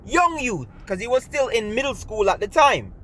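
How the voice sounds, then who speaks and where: A man's voice: extremely high pitch, very animated, normal speed, pushed and bright. A man with a Jamaican accent telling a personal story in a chatty way, mixing in patois and often asking "you see me?". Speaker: storyteller, gymnastics coach.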